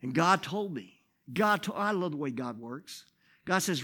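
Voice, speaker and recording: Animated pastor preaching a testimony. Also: male voice, a little high, brisk. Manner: animated storytelling, swinging from loud to hushed. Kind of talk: sermon testimony.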